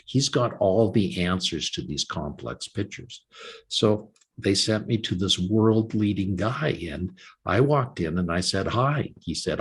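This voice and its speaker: A Canadian man in his sixties, appearing as a guest author in an interview, tells his story in a lowish, slightly rough voice at a measured pace. He's an animated storyteller, acting out other people's voices and quoted dialogue as he goes.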